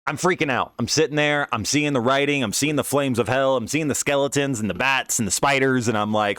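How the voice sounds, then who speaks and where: A young man recounts a personal story in loose, profane slang, animated and full of restarts and asides. His voice sits at an ordinary male pitch and is recorded close and dry, with no room sound around it. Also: a little fast, hardly any pauses, clean tone, no echo. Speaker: streamer telling a personal story. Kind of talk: casual first-person storytelling.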